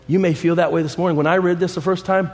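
A man preaching a sermon, swinging between quiet low passages and fervent shouting. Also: steady tone, fast talker. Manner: shouting, rising fervor with quiet low stretches. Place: church sanctuary. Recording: long hall reverb, faint congregation.

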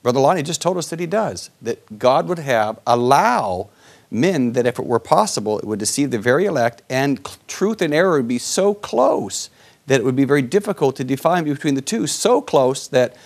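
A man's voice: medium pitch, lively intonation, moderate pace, gravelly. A man teaching from the Bible in conversation with a co-host, often asking him rhetorical questions. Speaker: preacher co-hosting a Bible discussion.

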